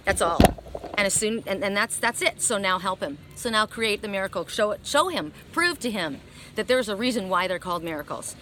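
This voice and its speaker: A woman's voice: medium pitch, lively intonation, brisk, sharp tone, slight background noise. A woman oracle card reader telling her viewers a story in an earnest, emphatic way, recorded outdoors. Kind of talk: casual spiritual talk to viewers.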